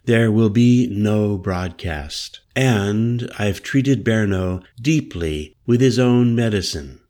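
A calm, commanding woman, read by a man in an audiobook story, giving orders in a firm, measured way. The voice sits low and moves slowly and deliberately.

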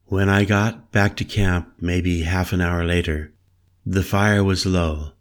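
Male audiobook narrator, very low voice, unhurried first-person storytelling. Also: steady tone. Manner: measured, introspective.

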